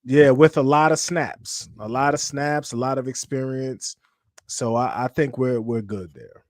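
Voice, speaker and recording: A man co-hosting a casual sports podcast over a video call, laid-back and measured in his takes. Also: medium pitch, fairly even intonation, darkish tone, no echo, studio quality. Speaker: podcast co-host.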